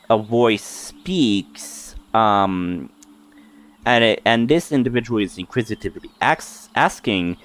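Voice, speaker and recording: A man narrating as game master in a tabletop game, rambling with many fillers. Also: on the low side.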